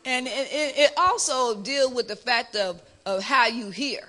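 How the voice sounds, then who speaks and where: A middle-aged woman with a Chicago accent, the pastor's wife, answering questions in a lively, animated way in a church discussion. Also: on the high side, measured pace. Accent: Chicago African American English. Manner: lively, animated storytelling with laughter.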